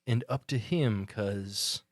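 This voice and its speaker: A man's voice: fairly low pitch, slow, no echo, studio quality. A man co-hosting a podcast in casual chat, wry and swearing, who explains things at length. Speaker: podcast co-host.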